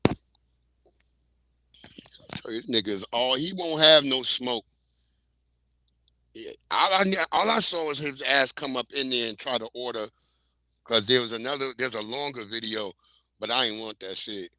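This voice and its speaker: A man's voice: mid-range voice, normal speed, pauses often, sharp tone, no echo, low-quality recording. A man hosting a livestream, chatting casually in blunt slang while he plays clips. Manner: slangy, blunt, laid-back. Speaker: livestream host. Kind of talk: casual commentary.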